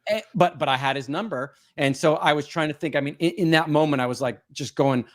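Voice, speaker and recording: A man hosting an interview, speaking conversationally with quick asides. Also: on the high side. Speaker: interview host. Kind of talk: casual conversation.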